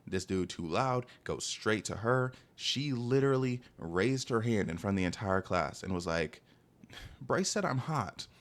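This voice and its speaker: A man's voice: on the low side, moderate pace, hardly any pauses. A young man telling a personal story in a casual, exasperated storytime monologue, constantly saying "bro". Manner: animated, exasperated, peppers speech with "bro".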